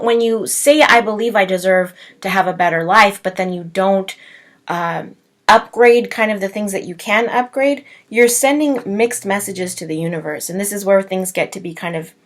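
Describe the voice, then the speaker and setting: A woman's voice: lowish voice, fairly bright tone. A woman self-love coach giving a self-help talk with a guided meditation, speaking earnestly and encouragingly to the listener.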